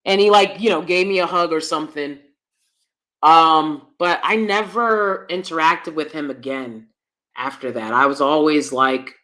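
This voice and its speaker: Woman vlogger ranting, blunt and cussing a lot, tense bright voice, calls herself loud. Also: sits low, measured pace. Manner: blunt, profane and emphatic. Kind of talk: personal storytelling rant.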